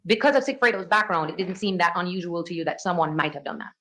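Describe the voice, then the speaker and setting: Fast-talking woman questioning a witness. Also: on the low side, lively intonation, a bit bright. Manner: brisk, leading questions punctuated by "okay" and "all right". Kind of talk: courtroom direct examination. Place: courtroom.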